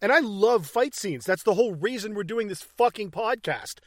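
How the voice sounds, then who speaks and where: A podcast co-host, a man, talks in blunt, profane casual chat and laughs often. His voice sits a little high, and the recording is dry and close. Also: lively intonation, moderate pace, a bit bright, dry recording.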